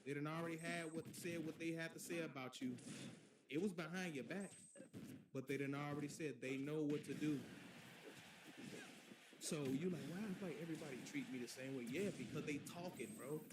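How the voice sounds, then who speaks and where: Brief: male streamer, a little high-pitched, preaching slowly over background noise. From US Midwest. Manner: preachy, repetitive, drawls "bro" and "boy". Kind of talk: casual monologue while streaming.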